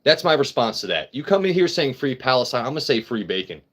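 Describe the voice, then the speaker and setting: A man with an average-pitched voice hosts a loose livestream and talks straight to his chat. His talk is crude and rambling, full of jokes and casual swearing. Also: sing-song, quick pace. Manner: crude, joking, swears freely. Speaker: livestream host.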